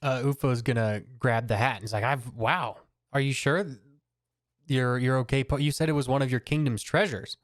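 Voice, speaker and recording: A man playing a tabletop game, talking in a relaxed, chatty way. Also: medium pitch, moderate pace, no echo, clean studio sound. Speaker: player. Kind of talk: casual tabletop game chat.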